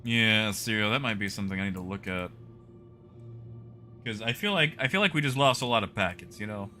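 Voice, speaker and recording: A man's voice: fairly low pitch, fairly quick, bright, forceful tone, soft background music. A man streaming a game live, chatting casually with his viewers by name while he plays.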